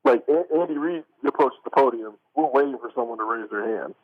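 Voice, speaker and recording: A man's voice: medium pitch, fast. Rambling man on a tinny phone line. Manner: rambling, many restarts and "like", laughs often. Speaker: sports radio co-host. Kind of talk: casual sports radio chat.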